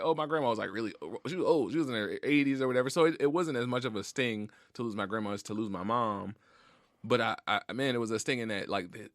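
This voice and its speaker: A man's voice: fairly low pitch, fairly bright tone, no echo, studio quality. A man guest on a podcast, talking casually and reflectively, slangy and openly emotional. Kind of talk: casual heartfelt conversation. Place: podcast studio.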